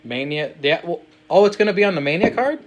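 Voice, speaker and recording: A man's voice: sits high, lively intonation, quick pace, dull audio. A man hosting a casual podcast, teasing his guest and posing questions. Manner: playful, teasing, asks questions. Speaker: podcast host.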